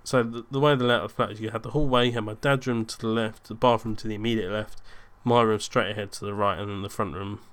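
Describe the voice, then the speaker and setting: A man's voice: lowish voice, fast talker, hardly any pauses. A young man telling a casual anecdote, rambling and correcting himself, livening up when quoting himself. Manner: rambling, self-interrupting, animated in quoted bits. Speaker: storyteller.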